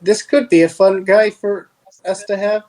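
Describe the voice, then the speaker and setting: A man playing a tabletop game, chatting playfully with quick, excitable asides. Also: high voice, poor audio. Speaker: player. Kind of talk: casual tabletop game chat.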